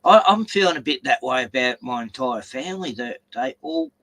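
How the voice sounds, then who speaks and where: A man's voice: medium pitch, expressive, a little fast, fairly bright tone. A man with an Australian accent chatting casually, rambling and stammering as he tells stories and swears. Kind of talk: casual chat.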